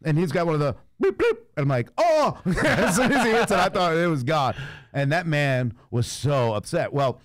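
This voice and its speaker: A man's voice: a little high, normal speed, dry recording, studio quality. A man hosting a radio show, telling a story in casual chat and acting out the people in it, often laughing. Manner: animated, acts out voices in his stories, laughs often.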